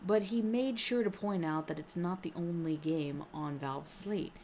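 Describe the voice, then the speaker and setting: Woman w a lowish voice reading game news on a podcast, trips over words n laughs it off, bit of hiss behind. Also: measured pace, darkish tone. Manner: reads articles aloud, stumbles and laughs at her slips. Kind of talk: casual gaming podcast chat.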